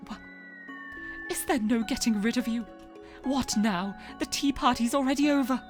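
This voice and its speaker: A woman's voice: a little high, big pitch swings, normal speed, over music. A woman voicing a haughty, prickly young male pigeon aristocrat in a visual novel read-aloud, speaking in an imperious, scornful way.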